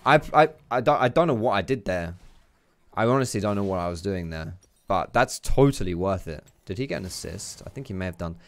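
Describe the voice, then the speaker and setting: A young man giving casual, excitable gameplay commentary, chatty and swearing freely. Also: lowish voice, a little fast. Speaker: gaming YouTuber.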